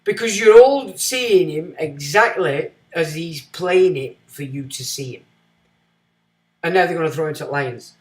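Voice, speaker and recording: A man hosting a livestream, giving blunt, sarcastic commentary that swings from muttering to loud. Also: fairly high pitch, lively intonation, measured pace, reverberant. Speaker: livestream host.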